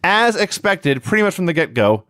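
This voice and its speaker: Co-hosting a podcast, a man gives a wry, laughing recap of a wrestling show in casual conversation, his pitch swinging in lively ways. He speaks at a moderate pace, and the recording is studio quality with no room sound.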